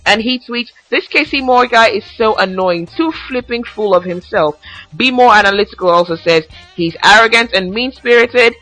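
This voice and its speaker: A woman's voice: fairly high pitch, normal speed, a bit bright, soft background music, low-quality recording. A young woman hosting a casual commentary podcast, ranting with sassy asides and recapping reality show gossip. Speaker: podcast host.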